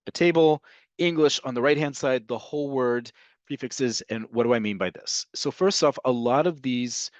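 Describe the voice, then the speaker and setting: A man teaching an online language lesson, explaining slowly and repeating each example. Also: mid-range voice, no room sound. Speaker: Hebrew teacher.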